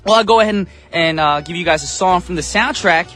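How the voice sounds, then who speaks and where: A man's voice: high-pitched, quick pace, fairly bright tone, faint music behind. A man from the United States hosting a morning radio show in an upbeat, chatty, self-joking way. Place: radio studio.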